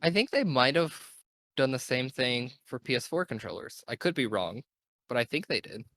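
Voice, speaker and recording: A man's voice: mid-range voice, lively intonation, moderate pace, fairly bright tone, no room sound. A young man hosting a casual gaming podcast, talking in an enthusiastic, rambling way and correcting himself as he goes. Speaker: podcast host.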